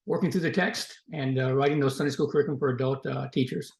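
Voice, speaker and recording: A man hosting a podcast, introducing his guest in a quick, friendly way with filler pauses. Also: medium pitch, steady tone, vocal fry. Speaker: podcast host. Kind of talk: casual interview hosting. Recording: echoey room.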